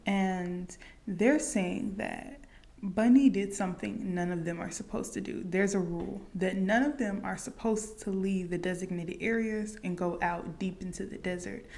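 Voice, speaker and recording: Gravelly-voiced woman recapping a film. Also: mid-range voice, normal speed, darkish tone. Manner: chatty, fillers like "like" and "you know". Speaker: movie reaction youtuber. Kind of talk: casual movie recap.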